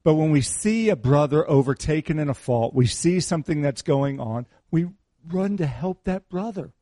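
A man's voice: fairly high pitch, lively intonation, normal speed, dark tone, no room sound, studio quality. A middle-aged man preaching a sermon in a conversational, teasing way, repeating his key phrases. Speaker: pastor.

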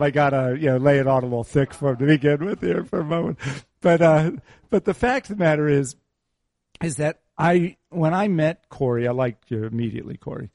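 A man's voice: on the high side, brisk, creaky, darkish tone. A middle-aged man preaching a sermon in a conversational, teasing way, repeating his key phrases. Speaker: pastor.

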